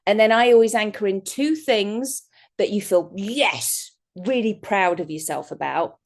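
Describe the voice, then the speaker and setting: A woman's voice: mid-range voice, measured pace. A woman giving a chatty, rambling workshop talk as a guest speaker over a video call, often breaking into laughter. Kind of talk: online workshop presentation.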